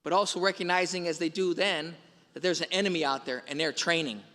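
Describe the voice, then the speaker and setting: A male priest gives a Sunday homily, retelling film scenes with quoted lines. His voice is high and bright. It carries through a large church with a long reverb. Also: steady tone, fairly quick.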